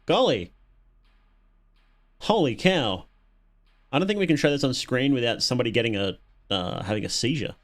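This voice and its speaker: A man's voice: medium pitch, expressive, normal speed, long pauses. An Australian man hosting a casual livestream, reacting to videos and chatting with viewers, often chuckling and repeating words as he thinks.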